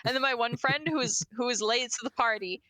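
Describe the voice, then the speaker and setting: A young adult woman telling animated stories and laughing often while chatting casually on a group stream. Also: a little high, brisk. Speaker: streamer shiny hunting.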